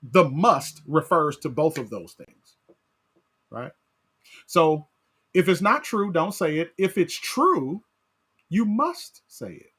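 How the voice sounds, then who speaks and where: A man leading a Bible study as pastor, animated, asking his class questions and often tagging on "right?". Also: on the high side, slow, pauses often, breathy edge.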